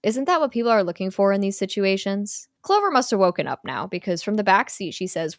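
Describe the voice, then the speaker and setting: A woman's voice: mid-range voice, animated, moderate pace, dry recording, clean studio sound. A young woman casually retelling a movie plot to a co-host, with lots of fillers and light quoting of characters. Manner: chatty, many "like" fillers, quotes characters lightly. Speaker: podcast co-host recapping a film.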